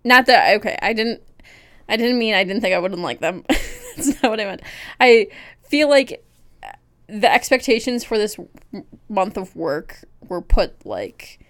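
A woman's voice: medium pitch, animated, a little slow, fairly bright tone. A young adult woman co-hosting a podcast, telling rambling, self-deprecating stories in casual chat. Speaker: podcast co-host.

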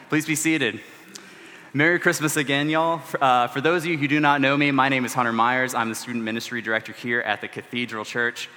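A man, delivering a sermon as a church's student ministry director, earnest and measured with casual asides. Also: medium pitch, steady tone, pushed and bright. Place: large church sanctuary. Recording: long church-hall reverb.

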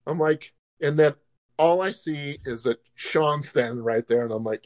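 A man telling a story in casual podcast chat, animated, swearing and laughing, acting out quotes loudly. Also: fairly high pitch, moderate pace.

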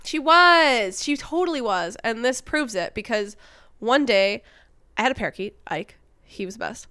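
A woman's voice: on the high side, expressive, moderate pace, bright, forceful tone, clear, resonant tone, no echo, clean studio sound. A young woman co-hosting a podcast, telling a story in casual chat and laughing often. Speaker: podcast co-host.

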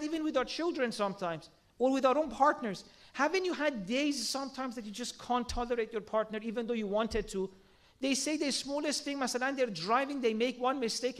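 Very high-voiced man, preaching. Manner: earnest, rhetorical questions, everyday examples. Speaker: religious speaker. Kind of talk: sermon.

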